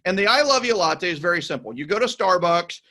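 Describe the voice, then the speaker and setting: A man's voice: high-pitched, expressive, fast, pushed and bright. A man hosting a podcast interview, talking in an enthusiastic, emphatic way and repeating his points. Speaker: podcast host. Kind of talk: casual interview chat.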